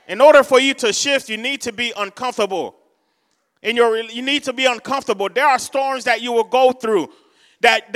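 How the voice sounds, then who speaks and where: A man's voice: very high-pitched, pushed and bright, in a large hall. A man preaching a sermon in a church, exhorting and repeating his points. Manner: repetitive, exhorting, switches languages. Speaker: pastor.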